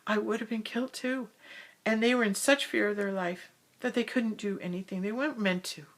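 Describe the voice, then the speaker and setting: Gravelly-voiced woman telling a personal story. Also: medium pitch, fairly even intonation, a little fast. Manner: storytelling, slips into soft whispers. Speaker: spiritual speaker. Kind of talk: personal spiritual monologue. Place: hall in her house.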